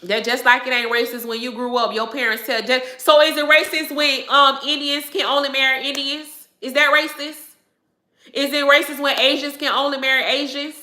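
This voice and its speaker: Emphatic woman with a bright voice. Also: high voice, flat delivery, moderate pace, echoey room. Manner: emphatic, repeats phrases, laughs often. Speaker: livestream host answering viewers. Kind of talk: casual livestream chat.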